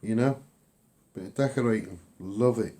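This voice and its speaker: A man's voice: fairly low pitch, moderate pace, dark tone. A man with a Liverpool accent talking casually to viewers on a livestream, upbeat and rambling, repeating himself with lots of ums. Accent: Liverpool (Scouse). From England.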